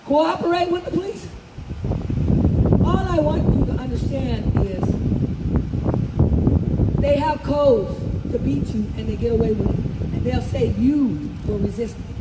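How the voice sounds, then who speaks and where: A woman's voice: sits high, animated, a little slow, long pauses. Older woman giving a fervent rally speech. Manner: emphatic, repeating phrases for effect. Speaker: speaker at a protest rally. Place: outdoor street rally. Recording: distant, echoey outdoor sound with loud traffic noise.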